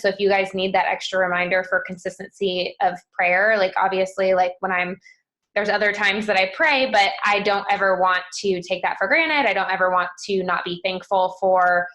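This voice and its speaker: A woman's voice: medium pitch, a bit bright. Upbeat encouraging woman hosting a call. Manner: upbeat, encouraging, casual fillers. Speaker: host of a team call.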